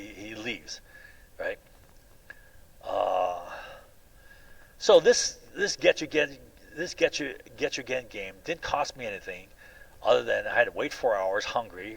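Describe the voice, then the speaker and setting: Male monologue vlogger, mid pitch with a rough, creaky edge, aggrieved and repetitive, many restarts. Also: poor audio. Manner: aggrieved, keeps asking "right?". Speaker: video blogger. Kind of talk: rambling personal monologue.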